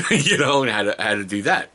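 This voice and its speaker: A middle-aged man telling stories about his kids in a casual, joking vlog. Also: brisk. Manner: animated, jokey, mimics his kids in high voices. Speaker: vlogger, father.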